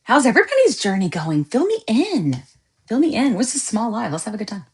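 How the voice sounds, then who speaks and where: A woman's voice: a little high, a little fast, breathy edge. A woman podcast host chatting casually with viewers on a live stream, joking and laughing often. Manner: animated, laughs often, jokey asides.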